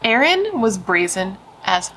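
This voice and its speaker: A woman's voice: mid-range voice, big pitch swings, takes it slowly, bright, forceful tone, a little hiss or hum, poor audio. A young woman casually telling a true crime story, emphatic and chatty, swearing and saying dude and like.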